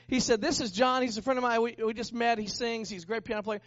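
A high-pitched man preaching, telling a story with lots of energy and putting on voices for the people in it. The sound is dry and close, with a slightly dull tone. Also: fast, dry recording. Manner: animated, acts out the people in his story. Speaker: pastor. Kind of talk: storytelling sermon.

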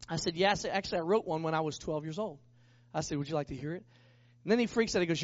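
A man who is a pastor, telling a lively story as part of a sermon and acting out the people in it. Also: on the high side, fast talker, no echo, muffled recording. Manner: animated, acts out the people in his story.

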